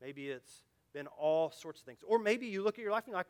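A male pastor delivering a sermon in a high, light voice. He pleads with his listeners directly and earnestly. He rises to loud, urgent emphasis and sinks to hushed, low asides. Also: expressive, brisk, smooth.

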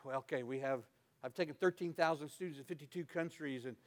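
Guy preaching, lively storyteller, gets loud then drops real soft, kinda high voice. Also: fast. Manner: animated storytelling preacher, swings from loud to quiet. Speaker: pastor. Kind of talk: sermon.

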